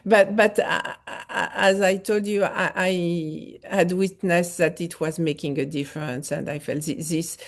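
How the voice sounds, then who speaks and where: French-accented woman, lowish voice. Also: steady tone. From France. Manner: halting, many fillers and restarts. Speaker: foundation founder, guest. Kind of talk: interview conversation.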